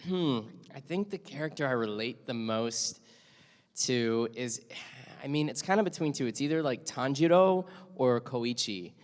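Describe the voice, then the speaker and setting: A man's voice: medium pitch, expressive, a little slow. A man and voice actor chatting casually on a panel, easygoing and rambling. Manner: easygoing and rambling, many fillers and restarts. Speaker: anime voice actor on a convention panel. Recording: convention hall reverb.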